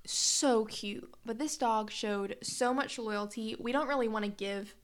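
A woman's voice: fairly high pitch, a little slow. A woman co-hosting a casual podcast, chatty and giggly, talking straight to her listeners. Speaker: podcast co-host. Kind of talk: casual chat.

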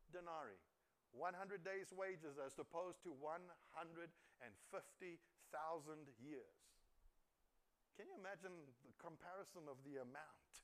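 A male pastor delivers a sermon in a fairly high voice. He reads scripture aloud, stops to quiz the congregation, and pushes his voice up for emphasis on key points. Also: a bit bright. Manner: explains scripture with questions to the congregation, rising emphasis.

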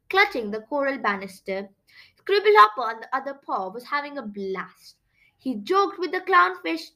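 A woman reads a children's chapter book aloud in a high, bright voice. Her telling is playful and expressive, with pitch swooping freely through each sentence. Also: vocal fry. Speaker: storybook narrator.

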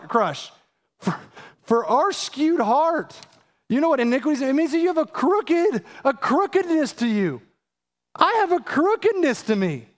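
High-voiced urgent man preaching. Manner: emphatic, rising to urgent high peaks and asking the audience direct questions. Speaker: pastor. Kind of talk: sermon.

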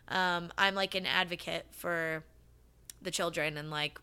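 A woman's voice: fairly low pitch, fairly even intonation, measured pace, pushed and bright, smooth. A woman co-hosting a podcast, chatting casually, swearing freely and filling her talk with "like" and "um.". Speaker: podcast co-host.

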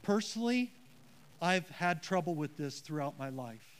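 A man's voice: a little high, lively intonation, moderate pace. A man preaching a sermon as pastor, earnest and emphatic, with a self-deprecating touch.

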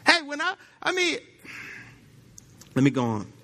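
A man's voice: very high-pitched, huge pitch swings, unhurried, bright, forceful tone. A male pastor, preaching a conversational sermon and often asking the congregation questions. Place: church.

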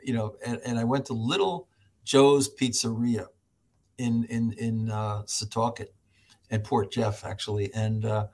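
A middle-aged American man, a professor, telling stories as a podcast guest, animated, laughing often and acting out other people's voices. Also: medium pitch, a little slow. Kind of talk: storytelling in an interview.

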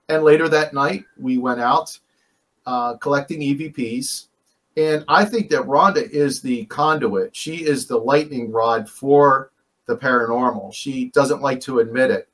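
A man's voice: mid-range voice, measured pace, fairly bright tone, low-quality recording. Rambling man telling a spooky story. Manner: rambling, many fillers and restarts, blunt swearing. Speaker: guest. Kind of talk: casual storytelling on a call-in show.

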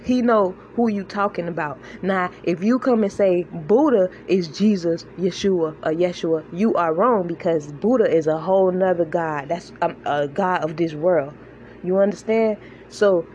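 A woman's voice: lowish voice, a little mellow, lo-fi sound. Woman giving informal faith talk, earnest, keeps asking u get it, faint hiss behind her. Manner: earnest, conversational, repeats herself, checks in with listeners. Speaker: online faith encourager. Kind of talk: informal religious teaching monologue.

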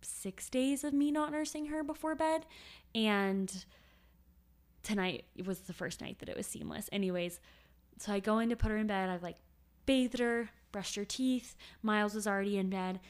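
A woman co-hosting a podcast, chatting casually in a heartfelt, emotional way and laughing often. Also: mid-range voice. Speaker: podcast co-host.

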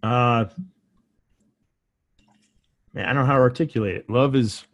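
A man hosting a podcast, speaking with heartfelt emotion and pausing often, as if searching for words. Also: mid-range voice, no room sound, dull audio. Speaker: podcast host. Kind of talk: casual conversation.

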